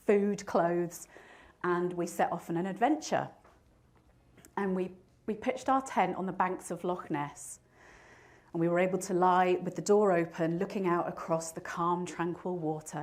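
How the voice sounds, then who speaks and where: A woman in her fifties giving a motivational talk, telling a personal story and laughing at herself now and then. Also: on the low side. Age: 50s. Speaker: motivational speaker.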